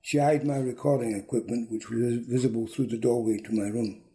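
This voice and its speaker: A man reading a short story aloud in a dry, deadpan manner. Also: mid-range voice, fairly quick. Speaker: reader.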